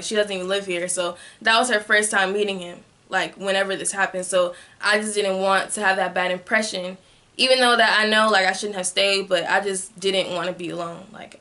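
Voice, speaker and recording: Bright-voiced young woman telling her story. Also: medium pitch. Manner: candid, heavy use of "like" as filler. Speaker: vlogger. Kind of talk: personal storytime vlog.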